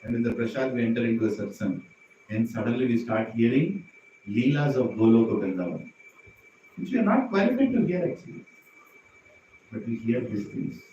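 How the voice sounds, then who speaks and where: A man preaching an animated devotional story sermon, often turning to the audience with questions. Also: medium pitch, a little fast, long pauses, far from the mic, dull audio, a little hiss or hum. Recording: echoey hall, mic from afar.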